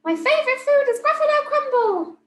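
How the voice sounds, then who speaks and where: A woman voicing a tiny squeaky mouse for a children's animation, in a very high, squeaky voice. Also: animated, brisk, a bit bright, echoey room. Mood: chirpy.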